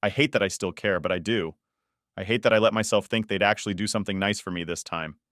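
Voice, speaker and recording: Low-voiced man narrating a story. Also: quick pace, fairly bright tone, no room sound, studio quality. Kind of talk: scripted first-person story narration.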